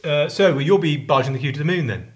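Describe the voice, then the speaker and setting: A man's voice: fairly high pitch, fast. A middle-aged man with an English accent co-hosting a podcast in casual chat, joking, swearing and doing silly voices. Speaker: podcast co-host.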